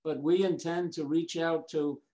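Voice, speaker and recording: Male interview guest, warm mellow tone, earnest and measured. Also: on the high side, fairly even intonation, poor audio. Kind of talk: interview answer.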